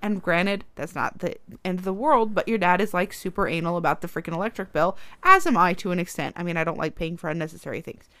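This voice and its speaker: A woman's voice: lowish voice, quick pace, few pauses, pushed and bright, no echo. A woman in casual chat, a mother recounting a household argument and quoting both sides. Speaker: podcast co-host, mother.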